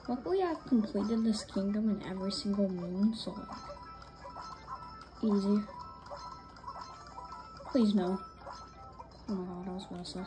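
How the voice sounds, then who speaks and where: A young woman giving casual commentary while playing a video game, excitable, muttering to herself and then breaking into frustrated shouts. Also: medium pitch, unhurried, long pauses, music in the background. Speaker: gamer streamer.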